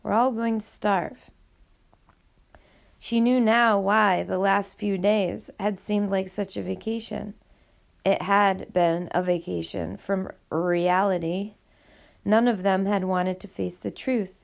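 A woman reading a novel aloud as audiobook narrator, in a steady, measured way with a gravelly voice. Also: mid-range voice. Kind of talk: scripted narration.

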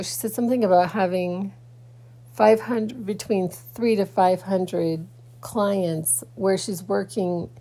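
A woman's voice: medium pitch, vocal fry, warm tone. A woman podcaster talking in a casual personal vlog, rambling with many restarts and fillers, sleepy and yawning early in the morning.

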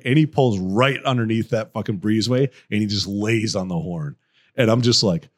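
A man's voice: fairly low pitch, animated, moderate pace. A man co-hosting a podcast, telling rowdy stories in a casual, profane way and laughing as he goes. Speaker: podcast co-host. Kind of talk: casual storytelling.

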